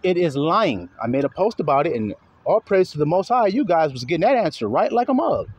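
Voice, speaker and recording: High, lively man preaching casually. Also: husky, highs cut off. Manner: loose, street-talking and profane, reads verses in a slow drawn-out voice. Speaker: preacher teaching from scripture. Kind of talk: casual spoken Bible teaching.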